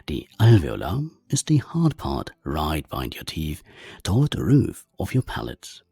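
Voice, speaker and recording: A man's voice: low voice, vocal fry, dark tone, husky, no room sound. A man giving a methodical language lesson, naming letters and their sounds one by one. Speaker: language teacher. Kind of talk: explanatory lesson.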